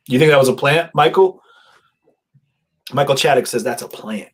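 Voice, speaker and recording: A man's voice: medium pitch, moderate pace, slightly rough, rough recording. A man hosting a livestream in casual commentary, chatty and rambling, talking into a headset at his streaming setup. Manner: chatty, rambling, laughs at himself. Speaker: livestream host.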